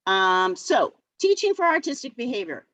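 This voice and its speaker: A woman's voice: high voice, big pitch swings, normal speed, fairly bright tone, no echo, low-quality recording. A woman who teaches middle school art, presenting a virtual workshop in a chatty way with many fillers. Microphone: video call.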